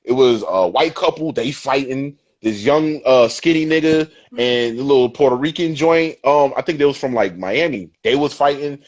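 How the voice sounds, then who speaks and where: Man, casual podcast guest, cursing storyteller, medium pitch, muffled lo-fi sound. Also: moderate pace, few pauses. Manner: profane, animated storytelling. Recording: dull lo-fi sound.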